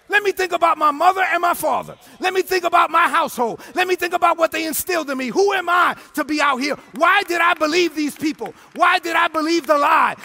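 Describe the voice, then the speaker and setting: High-pitched, shouting preacher. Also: male voice, gravelly. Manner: preaching in shouted, sing-song bursts. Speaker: pastor. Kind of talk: sermon. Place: church sanctuary.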